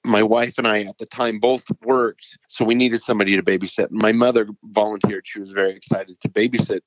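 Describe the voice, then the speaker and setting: A man's voice: lowish voice, steady tone, a little fast, no room sound. A middle-aged man from Utah, a paranormal author, telling his stories in a casual, earnest and rambling way as an interview guest. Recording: dull lo-fi dry sound.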